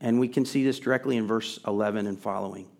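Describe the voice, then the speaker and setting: A man's voice: on the low side, fast, vocal fry, darkish tone. A middle-aged man preaching a sermon in a conversational way, building to emphatic, rising questions. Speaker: pastor.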